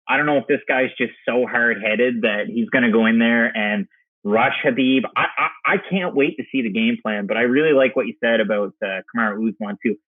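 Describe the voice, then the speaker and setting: A man's voice: medium pitch, brisk, no echo, phone-quality sound. A man co-hosting a casual sports podcast, rambling and restarting his sentences. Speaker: podcast co-host.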